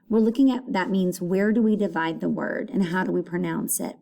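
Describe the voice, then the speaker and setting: Slow, patient woman teaching phonics. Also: on the low side, vocal fry, dark tone. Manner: slow, patient, repeats words aloud to children. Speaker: elementary school teacher. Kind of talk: recorded phonics lesson for children.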